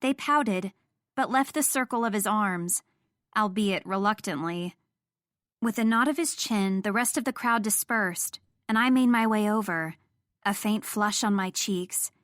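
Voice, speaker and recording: A woman's voice: medium pitch, a little slow, a bit bright, dry recording, clean studio sound. A young woman narrating a first-person romance audiobook in an intimate storytelling manner.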